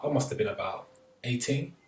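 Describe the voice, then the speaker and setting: A man telling a story in a casual podcast chat, animated and acting out the voices of the people he quotes. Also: medium pitch, a little fast. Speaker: podcast co-host. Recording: echoey room, slightly distant mic, faint noise.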